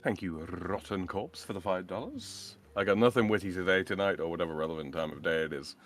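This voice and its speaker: A man guesting on a casual live stream, talking in a hesitant, halting way. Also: low-pitched, a bit bright.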